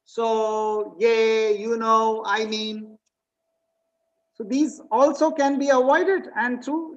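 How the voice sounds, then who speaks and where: Woman presenting a webinar, slightly muffled. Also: on the high side. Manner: quizzes listeners, reads out slide points. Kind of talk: interactive online presentation.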